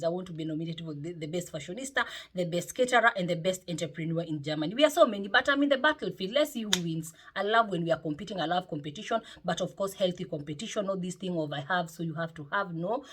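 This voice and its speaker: Lady vlogging at home, husky voice, chatty and lively, keeps saying eh. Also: lowish voice. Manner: lively and chatty, with frequent "eh?" tags. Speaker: motivational vlogger. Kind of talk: casual chat to camera. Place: home, indoors.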